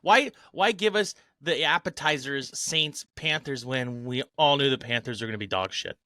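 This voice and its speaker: Male host, brisk and directing, bright tense tone, dry close sound. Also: mid-range voice, no room sound. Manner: brisk, wraps up and directs the others. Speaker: podcast host. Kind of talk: casual chat.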